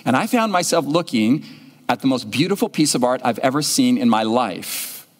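A man preaching a sermon as pastor, telling a story in an animated way and acting out the people in it. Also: mid-range voice, moderate pace, husky. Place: church sanctuary. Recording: long church-hall reverb.

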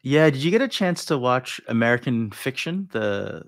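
A man hosting a livestream interview over a video call, thoughtful and hesitant, with many pauses and restarts as he works out his question. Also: mid-range voice, very animated, no room sound. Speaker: host. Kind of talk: interview conversation.

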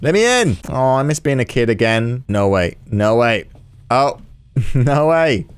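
A man's voice: medium pitch, lively intonation, unhurried, clean tone. A man giving casual gameplay commentary with exaggerated reactions, sarcasm and swearing. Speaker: gaming channel host.

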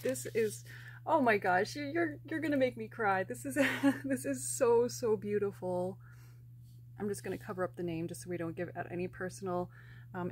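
A young woman from the United States hosting an unboxing vlog, gushing and excitable, with frequent restarts and gasps. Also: mid-range voice, slight background noise. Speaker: plush collector and vlogger.

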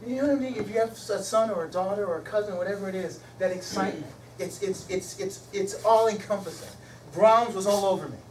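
A man's voice: high-pitched, fast talker. Man, middle-aged, storytelling lecture, recorded from a distance, roomy hall, background noise. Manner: animated, shifts between loud excitement and hushed emotion. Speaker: guest speaker and musician. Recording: echoey hall from far off, noisy.

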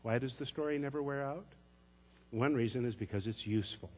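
A man preaching a sermon as pastor, telling a story in a gentle, measured way. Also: medium pitch, slight background noise. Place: church sanctuary. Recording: echoey church sanctuary.

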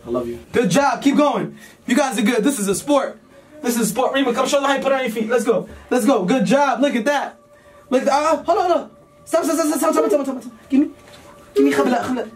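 A man in his twenties, a vlogger, talking in a playful, teasing and excitable way while pranking children. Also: very high voice, fast talker. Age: 20s. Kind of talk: casual prank vlog. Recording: distant mic with faint music.

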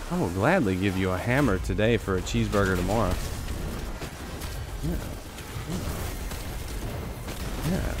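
This game streamer gives relaxed live commentary on his own play, addressing both himself and his viewers. His voice has vocal fry, and he breaks into high, excited yelps.

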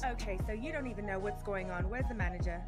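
A woman's voice: mid-range voice, fast, a little mellow, close to an everyday voice. A woman playing an impatient, demanding lawyer with a British accent in a game roleplay stream, music playing behind. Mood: indignant. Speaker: roleplay player.

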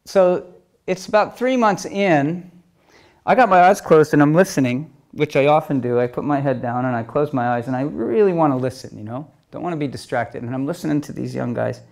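A man's voice: on the high side, brisk, creaky, darkish tone. A man giving a conversational storytelling talk, acting out exchanges as dialogue and checking in with his listeners. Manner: keeps checking in with "okay?" and "you know?"; re-enacts exchanges as quoted dialogue. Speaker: speaker telling stories to an audience.

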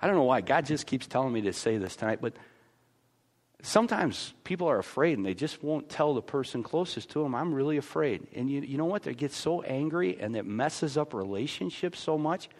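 A man's voice: medium pitch, expressive, brisk. A man pastor with an American accent, preaching a conversational sermon in a church with frequent stammered restarts.

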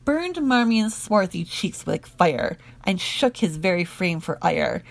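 A woman reading narrative poetry aloud in a measured, rhythmic way. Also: on the low side, very animated, vocal fry. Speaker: audiobook reader.

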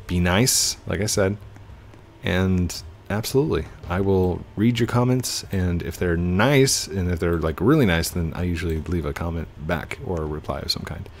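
A man's voice: low voice, normal speed, slight background noise. A young man hosting a gaming channel, chatting casually and rambling to his viewers while he plays. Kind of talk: casual gameplay commentary.

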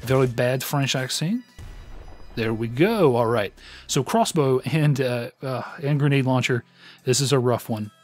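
A man's voice: mid-range voice, unhurried, a little mellow, faint music behind. Self-deprecating man commenting on gameplay. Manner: self-deprecating, rambling with many fillers. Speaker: let's play host.

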